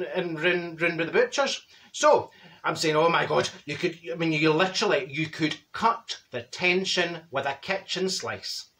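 Heavily acted, a man's high-pitched voice comes across bright and forceful. He voices a comedy character, a chatty, straight-talking Glaswegian woman with a Scottish accent, whose monologue tells a comic story in a gossipy, bossy style complete with imitations of other people.

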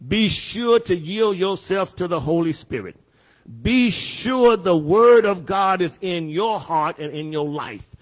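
A man, a pastor teaching a Bible study lesson, emphatic, repeating his phrases and rising at times to a shout. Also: high-pitched. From Southern United States.

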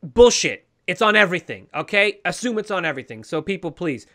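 A man's voice: sits high, big pitch swings, a little fast, fairly bright tone. A man co-hosting a podcast, ranting heatedly with lots of swearing and pleading with listeners. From New York. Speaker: podcast co-host. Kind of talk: casual podcast rant.

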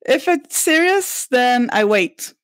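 A woman debating on a casual podcast, speaking thoughtfully and pausing to search for words. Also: high voice, lively intonation, no room sound.

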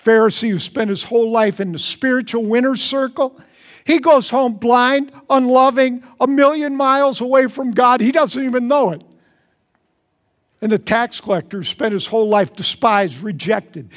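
A man's voice: very high voice, normal speed. A male pastor preaching a sermon in an earnest way, repeating key phrases for emphasis and leading the congregation. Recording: church service recording.

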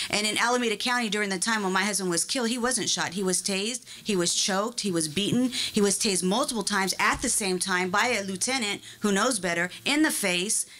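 A woman's voice: medium pitch, pushed and bright. A woman giving impassioned, emphatic public testimony at a board meeting, speaking into a podium microphone. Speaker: public commenter.

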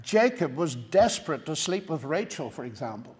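A man's voice: fairly high pitch, sing-song, moderate pace. A man with an Irish accent giving a Bible teaching talk, engaging his listeners with rhetorical tag questions. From Ireland.

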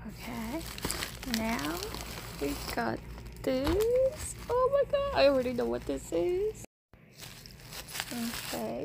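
A woman vlogger unboxing a package, gushing and gasping with excitement and often dropping to a whisper. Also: high-pitched, takes it slowly, gravelly. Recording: steady background noise.

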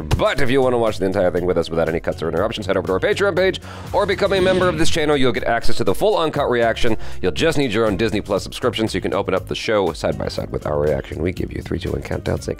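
Playful low-voiced man co-hosting. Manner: playful, teasing, jokey. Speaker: co-host of a reaction channel. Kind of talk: casual chat.

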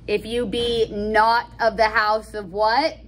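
A woman explaining a classic play in casual, slangy talk, full of asides. Her voice sits fairly high. Faint noise runs underneath. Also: takes it slowly. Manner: chatty, slangy, animated explanations. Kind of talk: casual lesson with read-aloud scenes.

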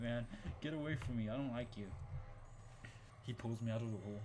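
A man's voice: medium pitch, fairly quick, a little hiss or hum. Jokey, profane young gamer man. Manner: jokey and profane, swinging from muttering to panicked yelling. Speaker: gaming channel host. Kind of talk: horror game commentary.

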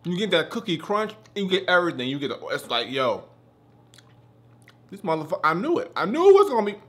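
A man's voice: high-pitched, a little fast. A man hosting a casual food review, swearing often and getting worked up as he eats between sentences. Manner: profane, excitable, talks while eating.

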